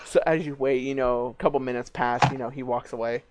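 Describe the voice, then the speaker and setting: A man's voice: mid-range voice, fairly even intonation, fairly quick, background noise. A man running a tabletop game as game master, narrating casually with many fillers.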